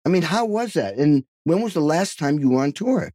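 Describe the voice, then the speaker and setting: A man's voice: fairly high pitch, expressive, a little fast, mellow, no echo, studio quality. A man hosting an interview podcast, enthusiastic and effusive as he introduces and questions his guest. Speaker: podcast host.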